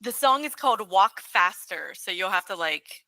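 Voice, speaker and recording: A woman's voice: medium pitch, expressive, moderate pace, pushed and bright, no room sound, low-quality recording. A woman co-hosting a podcast in casual chat, hesitant, restarting her words and giggling. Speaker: podcast co-host.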